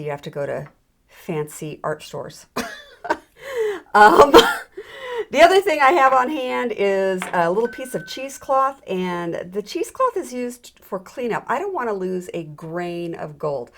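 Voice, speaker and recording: A woman's voice: lowish voice, very animated, normal speed, a little hiss or hum. A middle-aged woman giving a chatty, self-deprecating hands-on jewelry demonstration, with frequent ums and restarts. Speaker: jewelry tutorial instructor.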